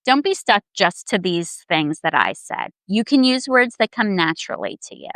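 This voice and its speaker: A woman child therapist hosting a show, giving scripted parenting advice in a calm, gentle, measured way. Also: on the low side, no echo, poor audio. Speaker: child therapist and podcast host.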